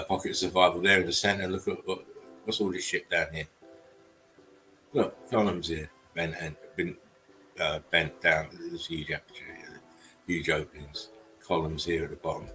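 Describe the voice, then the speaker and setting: Low-voiced guy, blunt and sweary, casual stream chat, faint music behind. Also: bright, forceful tone, rough recording. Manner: blunt, swearing, chuckling often. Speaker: channel host. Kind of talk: casual livestream commentary.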